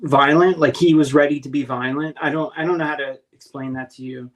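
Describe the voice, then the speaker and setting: A man earnestly recounting a strange encounter in casual talk, halting and restarting as he searches for words. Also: a little high, fairly even intonation, low-quality recording. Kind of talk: casual spoken storytelling.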